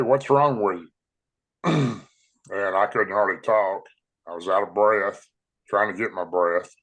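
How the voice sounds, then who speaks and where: A man recounting his own encounter in a plain, unhurried, folksy way. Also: fairly low pitch, a bit bright, rough recording. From Tennessee, USA. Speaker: eyewitness storyteller. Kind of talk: personal account told aloud.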